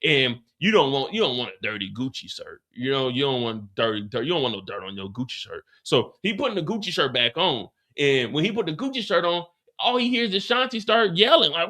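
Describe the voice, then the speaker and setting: High, bright-voiced man recapping a show. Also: normal speed. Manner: animated, stammering restarts, profane. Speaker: host of a live TV after show. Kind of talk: casual live episode recap.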